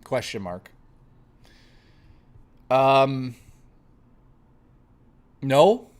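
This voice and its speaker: A man's voice: fairly high pitch, animated, normal speed, a bit bright. A man hosting a live stream, chatting casually with viewers, swearing freely and reading the chat aloud. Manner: profane, playful, reads chat aloud.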